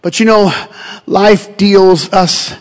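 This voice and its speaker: High-voiced pastor preaching in a reverberant hall. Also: male voice, takes it slowly. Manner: builds from calm storytelling to shouted, high-pitched preaching. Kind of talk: sermon.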